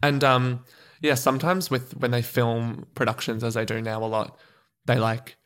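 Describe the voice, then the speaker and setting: A man's voice: medium pitch, flat delivery, normal speed, fairly bright tone, smooth. A man co-hosting a podcast in casual chat, enthusiastic and rambling with frequent restarts. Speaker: podcast co-host.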